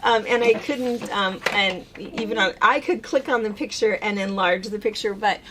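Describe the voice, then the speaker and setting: A woman's voice: mid-range voice, normal speed, noisy background. A woman co-hosting a casual chat, telling stories in a chatty way and laughing often. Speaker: co-host.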